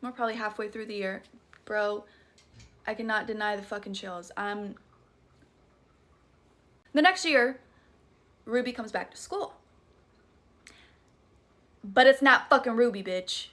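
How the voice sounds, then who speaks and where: A woman's voice: medium pitch, measured pace, long pauses, fairly bright tone. A young woman with a Southern US accent, dramatically telling a scary story in a chatty, profane, casual way. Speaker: TikTok creator.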